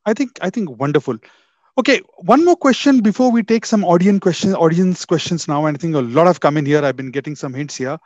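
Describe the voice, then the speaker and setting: A man's voice: fairly high pitch, lively intonation, fairly quick, darkish tone, no room sound, lo-fi sound. A man hosting an interview, asking questions politely. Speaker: interviewer, host.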